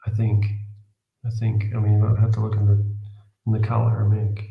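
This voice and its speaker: A man's voice: on the low side, monotone, a little fast, creaky, reverberant, dull audio. A man co-hosting a Bible study stream, hesitant and looking things up as he talks. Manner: hesitant, reads from a dictionary, many restarts. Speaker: co-host in a Bible reading stream. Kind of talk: casual study discussion.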